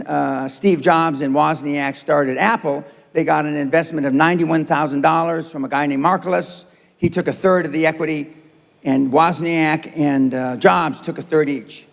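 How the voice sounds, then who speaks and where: In a reverberant hall, a business speaker with a fairly high, creaky voice gives a blunt, profane talk to a live audience. He repeats his points for emphasis.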